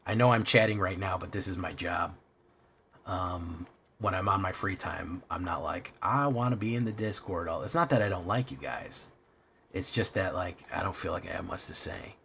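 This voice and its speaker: Male streamer, low voice, loose rambling chat with lots of swearing, faint room hiss. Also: normal speed, creaky, sharp tone. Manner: rambling, self-deprecating, swears often. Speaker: streamer playing a card game. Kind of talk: casual live-stream chat.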